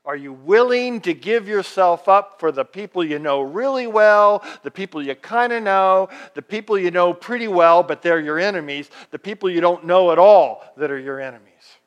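Man, fairly high voice, pastor giving an animated sermon with many restarts. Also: normal speed, hardly any pauses, highs cut off. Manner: animated preaching, acts out quoted speech, frequent restarts.

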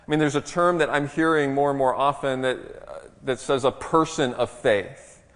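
A middle-aged man preaching a sermon as a pastor, moving between a hushed, slow prayer and lively storytelling. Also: medium pitch. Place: church. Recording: long reverb of a church hall.

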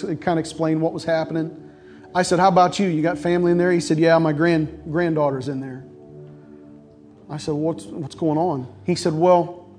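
A man's voice: fairly high pitch, a little mellow. A middle-aged male pastor preaching a sermon, telling a personal story earnestly and repeating words as he builds his points.

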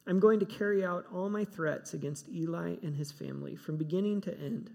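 A man's voice: a little high, a little fast, creaky, warm tone. A man preaching a sermon, emphatic and given to repeating himself. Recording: long hall reverb.

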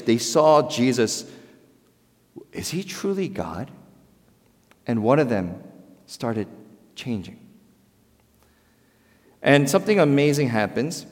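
A man preaching a sermon as a pastor, animated, swinging between loud emphasis and quiet, softer passages. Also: mid-range voice. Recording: long hall reverb.

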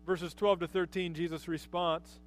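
Man, pastor, sermon, high voice, conversational, rhetorical questions. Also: level tone, normal speed, slight background noise.

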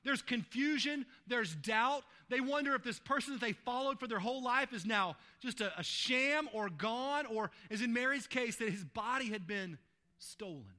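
A man's voice: extremely high pitch, animated, normal speed, sharp tone. A man preaching a sermon in a casual, conversational way, often checking in with the listeners. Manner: informal, asks "right?" to the listeners. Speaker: pastor.

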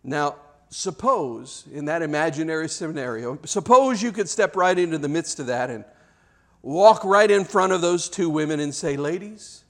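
A man preaching a sermon, telling a dramatic story and acting out the shouts of children. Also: fairly high pitch, expressive, normal speed.

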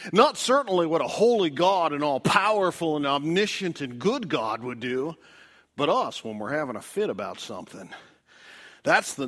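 Man, middle-aged, pastor, sermon, slow delivery, very expressive pitch, dramatic loud-to-whisper swings.

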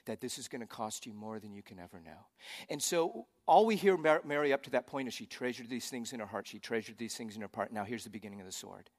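A man's voice: medium pitch, lively intonation, fast talker, big-room sound. A man pastor preaching a sermon in a conversational way, with joking asides.

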